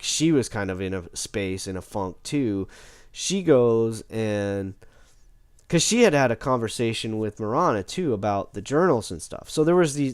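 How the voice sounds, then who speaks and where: A man recaps a tabletop game session in a casual, rambling way. He keeps restarting and correcting himself. His pitch swings widely, and the sound is dry and close. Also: a little mellow, clean tone, dry recording.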